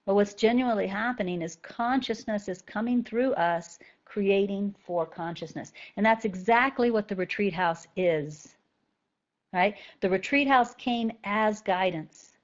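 A woman's voice: mid-range voice, unhurried, dull audio. A woman spiritual teacher talking conversationally to a group of students and often checking in with "right?".

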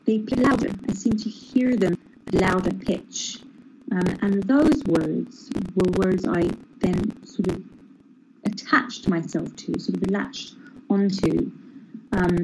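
A woman sharing her meditation experience in a reflective, searching way, often pausing and restarting. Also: medium pitch. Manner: reflective and searching, many hesitations. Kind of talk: personal sharing about meditation practice. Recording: noisy recording with clicks.

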